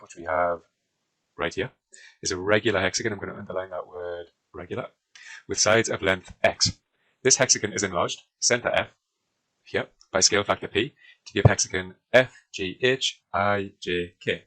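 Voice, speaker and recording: In this exam walkthrough lesson, a British man explains a maths question while drawing on a diagram, often filling gaps with fillers. His voice sits on the low side and sounds pushed and bright, captured in a low-quality recording.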